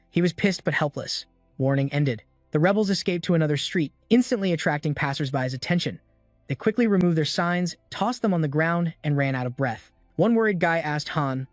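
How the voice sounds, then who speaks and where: Male narrator for a story recap, slightly high voice, steady delivery, faint music bed. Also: fairly quick, no echo, studio quality.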